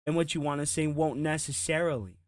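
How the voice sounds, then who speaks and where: A man's voice: fairly high pitch, a little fast, dry recording, studio quality. A man hosting a reaction commentary show, talking bluntly and mockingly with plenty of swearing. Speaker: commentary host.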